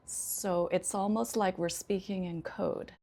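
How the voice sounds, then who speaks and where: An American woman, an ESL teacher, explaining intonation in an unhurried way with frequent pauses. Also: lowish voice, steady tone, vocal fry, mellow. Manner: unhurried, many 'um' pauses, demonstrates intonation examples. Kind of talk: casual instructional talk.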